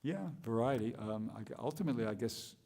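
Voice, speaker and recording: A man's voice: lowish voice, quick pace, warm tone, husky, long reverb tail. A man giving a scripture class, thinking aloud with restarts and rhetorical questions.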